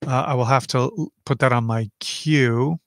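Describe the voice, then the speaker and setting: A man's voice: medium pitch, normal speed, no echo, clean studio sound. A man hosting a casual livestream from home, chatting and rambling as he reads out viewer comments and answers them.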